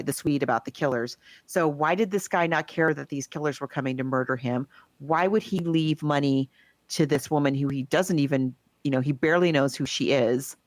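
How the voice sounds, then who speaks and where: Low-voiced woman retelling a film. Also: no room sound. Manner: rambling storyteller who acts out quotes. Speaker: podcast co-host. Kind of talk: casual chat, retelling a film plot.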